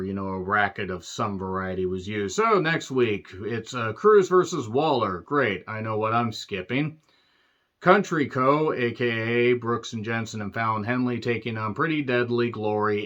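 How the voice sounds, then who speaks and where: A man's voice: medium pitch, a bit bright. A man in a mid-range voice rants through a wrestling show recap, sarcastic and exasperated, swearing as he goes. The sound is dull and lo-fi, like a home mic. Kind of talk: ranting show review.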